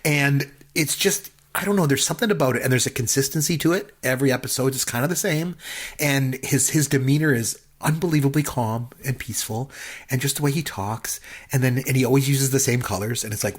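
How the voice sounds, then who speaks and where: A man co-hosting a podcast, telling a rambling, animated story in casual chat. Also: medium pitch, normal speed, breathy edge. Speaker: podcast co-host.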